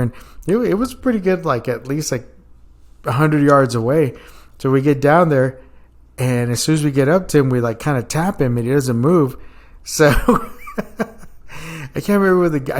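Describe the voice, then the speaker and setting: A young man telling stories in casual chat, laughing often and acting out quoted lines loudly. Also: mid-range voice. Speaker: podcast guest.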